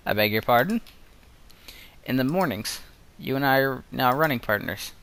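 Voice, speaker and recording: A man's voice: medium pitch, animated, moderate pace, fairly bright tone, smooth. A man voicing a playful, bossy teenage girl runner in a visual novel, teasing and insistent.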